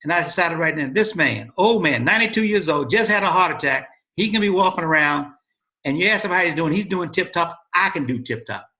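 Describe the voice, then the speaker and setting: A man's voice: fairly high pitch, animated, fairly quick, bright, forceful tone, highs cut off. An older man telling stories in a casual interview, rambling and correcting himself as he goes. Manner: rambling, self-correcting storyteller. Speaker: interview guest, father of host.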